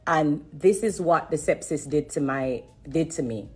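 A woman giving an earnest personal testimony on a live stream, repeating herself and pausing to hold back tears. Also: sits low, slightly rough. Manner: earnest and repetitive, stopping to steady herself. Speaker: singer sharing a personal testimony.

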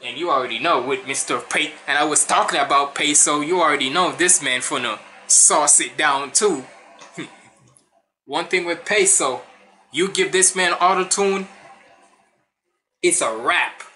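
A Caribbean man with a Jamaican accent reacting to a rap cypher, excited and chatty, often breaking into laughs. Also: a little high, a little slow, soft background music. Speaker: reaction streamer.

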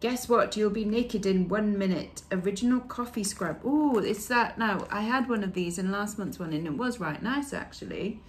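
A woman's voice: medium pitch, moderate pace, hardly any pauses. A woman chatting casually as she unboxes beauty products, reading labels aloud with fillers along the way. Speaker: beauty vlogger.

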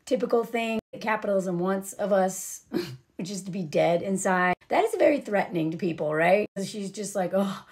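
A young woman giving a casual, sarcastic film recap, animated, and peppering her talk with "like" and "literally.". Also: medium pitch, moderate pace. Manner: animated, sarcastic, acts out characters' lines; frequent "like" and "literally" fillers. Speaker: vlogger.

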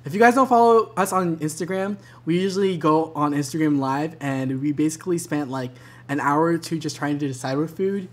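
A man's voice: on the high side, fairly quick. Young male vlog host, light voice, laughs through his lines, chatty and upbeat. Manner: giggly, laughs between phrases. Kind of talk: casual chat.

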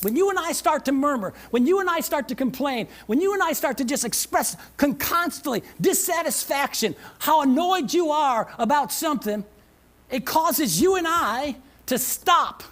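A woman pastor delivers a sermon to her church with a lively voice that swoops up and down. She presses her points by repeating them and keeps asking the congregation whether they are hearing her. Now and then she lightens things with a chuckle and a playful aside. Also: sits high. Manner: emphatic, repeats phrases, calls out to the congregation. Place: church service.

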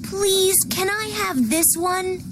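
A woman's voice: very high voice, slow, background noise, exaggerated voice. A woman voicing a young boy who wants a new bed in a textbook dialogue. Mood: pleading. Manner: pleading, childlike.

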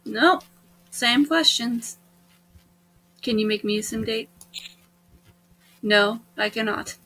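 Her voice is fairly high, slow and husky as this young woman hosts a dating-game let's play. She chats freely and takes charge, bossing the game around and bursting into excited squeals.

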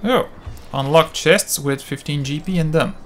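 A man's voice: a little high, unhurried, slight background noise. A man hosting a video game playthrough, talking casually and joking as he plays. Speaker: let's play host. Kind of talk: gaming commentary. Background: game music.

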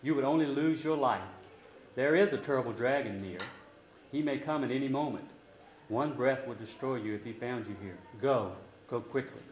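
A man's voice: mid-range voice, normal speed, roomy sound, lo-fi sound, natural voice. A man voicing a frightened young princess in a storybook, pleading anxiously.

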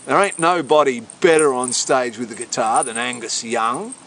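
A man's voice: mid-range voice, unhurried, fairly bright tone, a little hiss or hum. A middle-aged man being interviewed, rambling in a boisterous, swaggering and profane way. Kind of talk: rambling casual interview talk.

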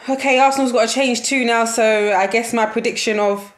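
A woman's voice: on the high side, fairly even intonation, brisk. A young woman giving a casual football match reaction, slangy and exasperated, laughing often as she talks.

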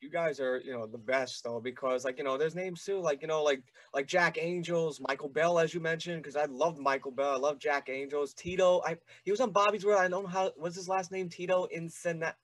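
A man hosts a casual interview over a video call, gushing like an eager fan. His voice sits a bit high and sounds dry. He rambles through his questions with lots of fillers. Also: steady tone, brisk, few pauses, no echo. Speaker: podcast host.

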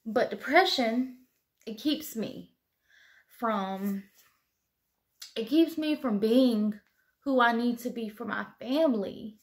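A woman's voice: on the high side, slow pace, pauses often. A young adult woman talking candidly to camera late at night, tearful and sighing, rambling with many "you know"s. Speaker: vlogger.

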